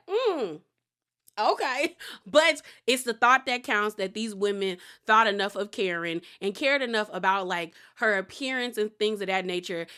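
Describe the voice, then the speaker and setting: Bright, chatty woman recapping reality TV. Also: mid-range voice, clear, resonant tone. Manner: chatty, animated, laughs often. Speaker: TV recap host.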